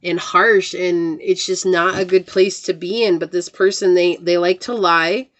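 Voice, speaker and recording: A woman's voice: fairly low pitch, fairly even intonation, a little slow, a bit bright, dull audio. A woman giving a casual tarot reading to her viewers, chatty and talking straight to them as guys and y'all. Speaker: tarot reader.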